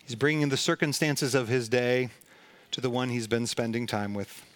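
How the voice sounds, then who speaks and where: Storytelling preacher, dry close sound. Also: male voice, mid-range voice, moderate pace, fairly bright tone, no room sound. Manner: storytelling preacher, acts out quoted dialogue. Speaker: pastor. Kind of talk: sermon.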